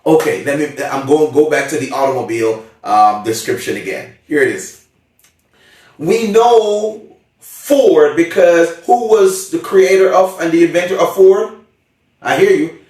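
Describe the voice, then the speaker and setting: A man's voice: on the high side, expressive, measured pace, a little mellow. A man giving an emphatic motivational seminar talk, often checking in with his audience. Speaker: motivational speaker. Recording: very echoey room, far from mic.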